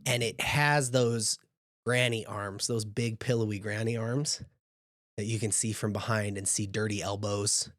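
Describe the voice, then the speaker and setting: A man narrating a tabletop game as game master, describing scenes at an unhurried pace with casual asides. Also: lowish voice, fairly even intonation, fairly bright tone, no room sound, studio quality.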